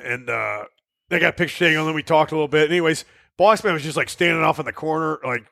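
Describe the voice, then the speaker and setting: A man's voice: on the high side, fast, creaky, bright, forceful tone, no room sound, clean studio sound. A man on a podcast telling rowdy stories in casual chat, laughing often and swearing freely. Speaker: podcast co-host.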